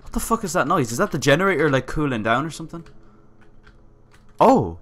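Excitable, swearing man playing a game. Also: a little high, a little fast. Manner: excitable, swears often, reads on-screen text aloud. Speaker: gamer playing a survival game. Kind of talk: let's-play commentary.

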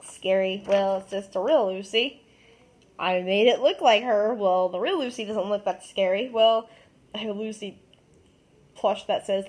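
A woman's voice: mid-range voice, measured pace. A woman chatting casually as host, showing her drawings in a giggly, rambling way with many fillers. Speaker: channel host.

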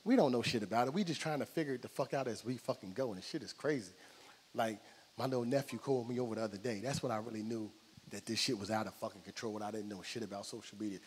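Performing stand-up on a comedy club stage before an audience, a middle-aged New Jersey man tells stories in an animated way, acting out both sides of each exchange. His voice sits on the low side and moves at a quick pace. There's a long reverb tail and slight background noise.

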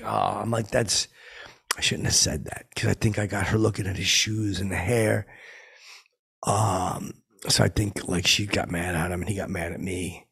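A man doing a raspy, washed-up pop singer. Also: lowish voice, fairly bright tone, exaggerated voice. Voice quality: very raspy, gravelly. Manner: rambling, drifting, mumbled asides. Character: tired rambling washed-up male pop singer, middle-aged. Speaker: comedy character host. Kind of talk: improvised character monologue.

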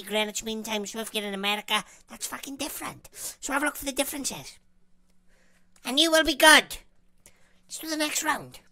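A woman with a British accent commentating as she plays a video game, swearing constantly and shouting insults at her opponent. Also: on the high side. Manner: foul-mouthed, shouting insults at the screen. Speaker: gamer. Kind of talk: let's play commentary. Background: game music.

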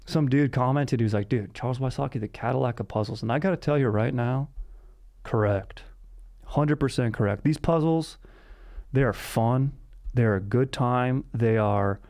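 A man's voice: medium pitch, a little mellow, dry recording, clean studio sound. A young man hosting a podcast in a casual, rambling comedic monologue, full of laid-back surfer-bro slang. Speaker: podcast host.

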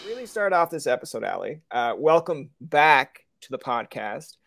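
A man's voice: medium pitch, big pitch swings, normal speed, vocal fry, over loud music. A man hosting a podcast interview, talking casually and rambling, with frequent stammers and restarts. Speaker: podcast host.

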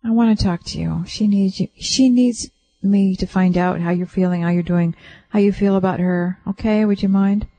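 Woman radio host doing a psychic reading for a caller. Mellow, gentle and reassuring, relays it bit by bit. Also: mid-range voice, steady tone, moderate pace, rough recording. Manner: gentle, reassuring, relays what she senses in layers. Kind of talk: soothing call-in reading. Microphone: radio studio mic.

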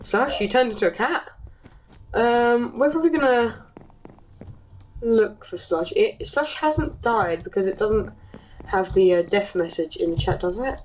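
A woman YouTuber giving casual, rambling game commentary, chatty and easily excited, with frequent giggles. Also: mid-range voice, measured pace, a little hiss or hum, low-quality recording. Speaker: gaming YouTuber.

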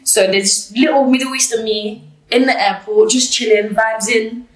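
A woman telling a personal story in an interview, blunt and animated, swearing freely. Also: on the high side, normal speed. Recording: roomy, distant mic.

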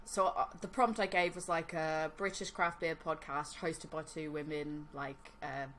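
A woman's voice: low-pitched, fairly even intonation, a little slow, fairly bright tone, a little hiss or hum. A woman co-hosting a podcast, chatting casually and laughing, with lots of "like" fillers. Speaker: podcast co-host. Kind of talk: casual chat.

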